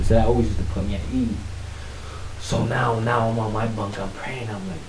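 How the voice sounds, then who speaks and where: A man casually telling his life story in conversation, animated, acting out what others said. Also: fast. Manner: animated, acts out quotes with rising pitch. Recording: echoey room with faint hiss.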